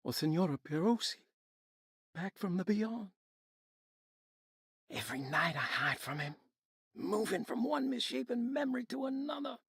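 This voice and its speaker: Brief: haunted game diarist, husky, raised pitch, mournful old-fashioned phrasing. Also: male voice, animated, normal speed, pauses often, a bit bright, no echo, studio quality, heavily acted. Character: haunted, tormented man reciting a poetic diary. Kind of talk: video game voice acting.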